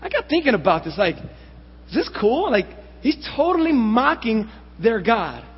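A man preaching a sermon, lively and animated, with rhetorical questions and sarcastic asides. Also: very high voice, normal speed, husky. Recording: dull lo-fi recording with long hall reverb.

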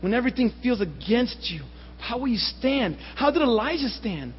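A man with a very high, husky voice delivers a sermon with sweeping, lively intonation. He works through rhetorical questions and sarcastic asides. The lo-fi recording carries a long hall reverb. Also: moderate pace. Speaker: preacher.

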